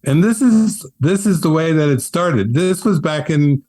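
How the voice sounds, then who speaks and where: A man and spiritual teacher telling his story in an interview, earnest and animated, often laughing. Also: a little high, a little slow.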